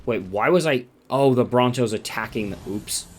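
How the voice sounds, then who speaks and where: A man's voice: medium pitch, normal speed, slight background noise. A sleep-deprived man giving rambling, casual commentary while playing a survival game. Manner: rambling, self-interrupting, chatty. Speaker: gaming YouTuber.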